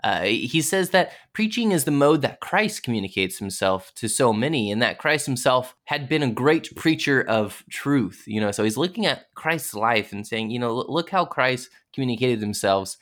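A man's voice: mid-range voice, expressive, moderate pace, hardly any pauses, a bit bright. A man introducing a recorded sermon in a casual, conversational way, telling stories loosely with fillers.

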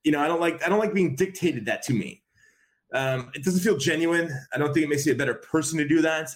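A man's voice: on the high side, fast talker. Rambling man, casual podcast guest. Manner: rambling, many repeated fillers and restarts. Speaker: podcast guest, wrestling commentator. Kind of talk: casual conversation.

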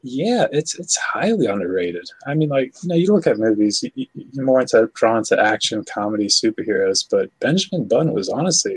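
Husky, laid-back man. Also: mid-range voice, no room sound, low-quality recording. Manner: laid-back, laughs and swears while recalling scenes. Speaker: podcast co-host. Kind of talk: casual chat.

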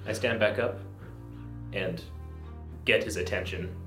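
A man's voice: on the low side, a little slow, pushed and bright. A man playing a tabletop game, talking casually and hesitantly with lots of "like" fillers. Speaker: player. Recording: roomy sound with music behind.

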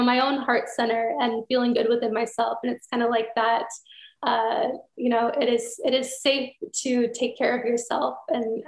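A woman hosting a heartfelt conversation, speaking in a reflective, spiritual way with gentle filler words. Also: on the high side, vocal fry. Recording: echoey room.

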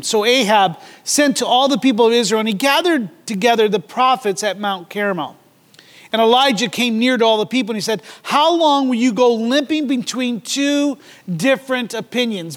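Male pastor, very high voice, dramatic sermon delivery, echoing church hall. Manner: dramatic scripture reading with mocking voices.

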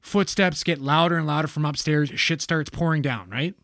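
A man casually retelling a spooky story on a podcast, animated and swearing freely. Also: fairly high pitch, normal speed, no room sound, clean studio sound. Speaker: podcast co-host telling a story.

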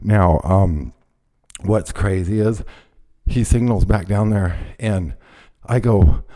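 A man with a low, dark, mellow voice tells a story in a heated, profane rush. He keeps breaking into loud acted-out quotes of what he shouted. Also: slow, long pauses. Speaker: podcast host. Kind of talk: casual chat, storytelling.

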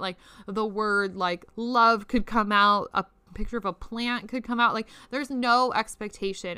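A woman's voice: mid-range voice, pushed and bright, clear, resonant tone, no echo. A young woman hosting a spiritual podcast, chatty and casual, swearing freely and saying "like" a lot. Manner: chatty and profane, many "like"s, laughs often. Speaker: podcast host.

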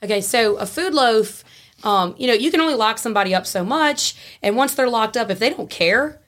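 A woman, a podcast guest telling a story in a frank, animated way and laughing easily. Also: fairly high pitch, brisk. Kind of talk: casual storytelling.

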